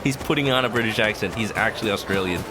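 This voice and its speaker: A man's voice: lowish voice, fast talker. A man streaming a video game, chatting casually in a rambling way full of "like" fillers. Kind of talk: casual chat while playing a video game. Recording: clear game music underneath. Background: game music.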